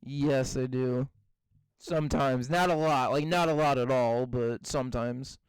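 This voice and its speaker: A man co-hosting a podcast in casual chat, giggly and animated, swearing as he tells stories. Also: medium pitch, unhurried, clear, resonant tone, no room sound, rough recording. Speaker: podcast co-host.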